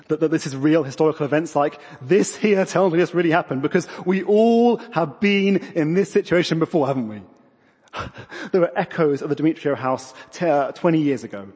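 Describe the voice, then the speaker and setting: A man's voice: a little high, normal speed, darkish tone, slightly rough. A man, preaching a sermon in a conversational, self-deprecating way. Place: church. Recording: long reverb of a church hall.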